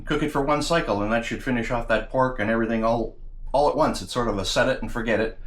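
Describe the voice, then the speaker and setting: A man's voice: mid-range voice, quick pace, fairly bright tone. A man hosting a casual cooking video, chatting to viewers as guys and tasting his food with pleased hums. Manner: talks while tasting, with mm sounds. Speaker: cooking channel host.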